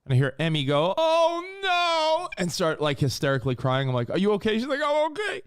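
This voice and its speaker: A man in his thirties, co-hosting a casual podcast and telling stories in an animated way, swearing casually. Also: fairly high pitch, racing, clean tone. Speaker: co-host.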